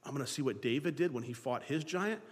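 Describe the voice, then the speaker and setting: A man preaching a sermon, lively, acting out the voices of biblical figures to his congregation. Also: mid-range voice, fast talker, in a large hall. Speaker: pastor.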